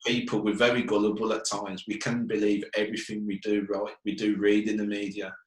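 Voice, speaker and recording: Speaking briskly and flatly in a fairly low voice, a Birmingham man with a Brummie accent sits in an echoey room as a guest on a casual interview. He owns a fitness business, comes across as frank and earnest, and keeps asking "do you get what I mean."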